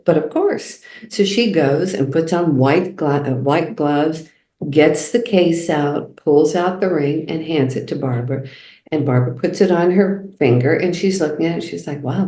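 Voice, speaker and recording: Low-pitched woman co-host, chatty storyteller, echoey room. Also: mellow. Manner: storytelling, acts out quoted voices. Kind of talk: casual chat.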